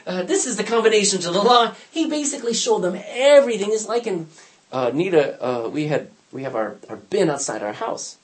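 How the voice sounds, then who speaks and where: A man's voice: high-pitched, lively intonation, brisk. An older man teaching an informal Bible lesson, telling stories animatedly with frequent restarts and acted-out quotes.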